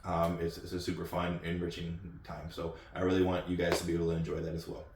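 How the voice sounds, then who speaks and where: A man's voice: deep voice, completely flat delivery, fast, a little mellow. A man from the United States hosting his channel, chatting off the cuff with lots of ums and restarts. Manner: rambling, many ums and repeated words. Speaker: channel host. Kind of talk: casual off-the-cuff talk. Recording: echoey room, distant mic.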